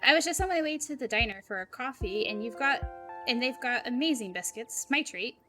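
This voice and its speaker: A woman's voice: fairly low pitch, steady tone, normal speed, fairly bright tone, faint music behind, lightly acted. A woman voicing a friendly, chatty young townswoman, cheerful and welcoming.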